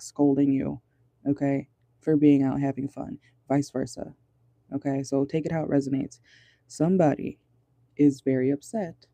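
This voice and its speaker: A tarot reader with a very dark, mellow voice talks casually from a car, swearing now and then and laughing nervously. The speech stops often while channeling. The sound is dry and close, with no room echo. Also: medium pitch. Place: inside a car.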